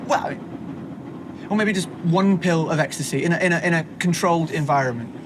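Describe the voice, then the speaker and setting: A man's voice: fairly high pitch, normal speed, lightly acted. An actor as a sheepish, awkward man. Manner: hesitant, sheepish. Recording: film clip with noisy background.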